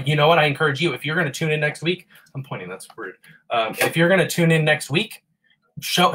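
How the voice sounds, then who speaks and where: A man's voice: a little high, a bit bright. A man co-hosting an arts therapy livestream, chatting in a goofy, rambling, self-mocking way between improvised songs. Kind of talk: playful casual livestream chat with improvised songs.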